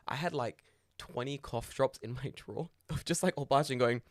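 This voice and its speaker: Young man, fast-paced, dry close mic, animated swearing storyteller, podcast co-host. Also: mid-range voice, dry recording. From Britain. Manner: animated storyteller, swears freely, acts out voices. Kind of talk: casual chat.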